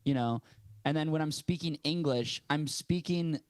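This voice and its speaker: A man's voice: on the high side, moderate pace, no echo, studio quality. A man co-hosting a podcast, telling stories in a rambling, hesitant, self-mocking way. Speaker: podcast co-host. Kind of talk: casual comedy chat.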